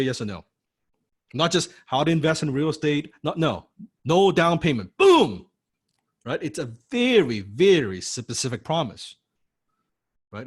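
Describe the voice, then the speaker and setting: Husky-voiced guy lecturing a course, keeps going "right?", blunt, swears now and then. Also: a little high. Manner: punchy, rhetorical, keeps asking "right?"; blunt, occasionally swears for emphasis. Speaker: course instructor.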